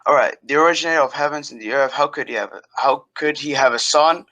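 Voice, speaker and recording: A man debating religion as a caller, halting and often restarting his sentences. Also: mid-range voice, bright, forceful tone, low-quality recording.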